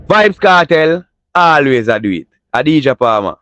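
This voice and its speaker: A man with a Jamaican accent hosting a casual entertainment news show in patois, animated and chatty, full of catchphrases. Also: on the high side, normal speed, dry recording, muffled recording.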